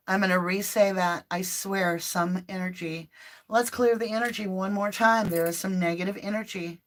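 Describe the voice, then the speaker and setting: A woman's voice: medium pitch, steady tone, unhurried, a bit bright. A woman hosting a live tarot reading from her home office, chatting informally with viewers and speaking prayers aloud. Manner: chatty and informal, often addressing viewers directly.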